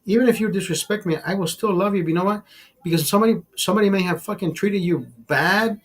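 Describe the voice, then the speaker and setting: A man's voice: sits high, fast. Heated, profane man ranting to his chat. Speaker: livestream host. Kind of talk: casual talk to a live chat.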